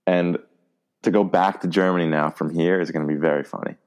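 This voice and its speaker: Deep-voiced young New man chatting. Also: fairly quick. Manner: relaxed, laughing, trailing fillers. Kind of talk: casual chat.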